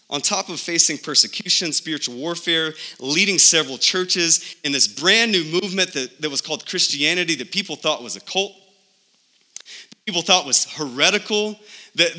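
A man's voice: a little high, pushed and bright. A man preaching a sermon as a pastor, emphatic and full of rhetorical questions. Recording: long reverb of a large hall.

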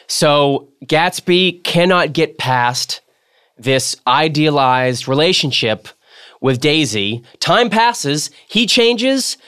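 A man's voice: a little high, lively intonation, slow, fairly bright tone, clean tone. A man hosting a casual book-club podcast, talking animatedly with many restarts and reading passages aloud. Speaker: podcast host.

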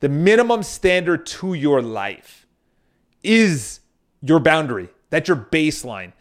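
A man with a somewhat high voice talks straight to his viewers in a casual motivational monologue. He tells stories loosely, restarting often and dropping in the odd swear word. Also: big pitch swings, unhurried. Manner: addresses viewers directly. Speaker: motivational speaker.

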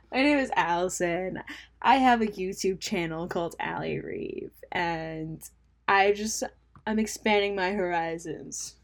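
A young woman hosting a casual solo podcast, rambling and self-mocking, laughing at her own jokes and dropping into mumbled asides. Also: medium pitch. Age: young adult. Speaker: podcast host.

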